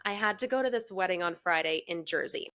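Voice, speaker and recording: Frank, animated woman telling a story. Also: lowish voice, fast. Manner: animated and frank, swears freely, laughs mid-story. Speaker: podcast co-host. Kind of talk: casual storytelling chat.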